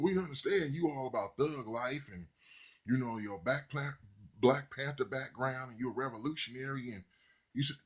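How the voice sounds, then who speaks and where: A man giving a casual, rambling, profane monologue, voice jumping high when he mimics other people. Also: moderate pace. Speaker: podcaster.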